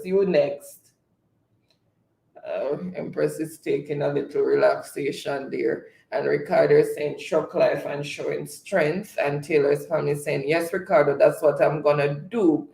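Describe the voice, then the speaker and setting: A man hosting a live stream, reading viewers' chat comments aloud in a relaxed way and often laughing. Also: a little high, unhurried, gravelly. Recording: echoey room.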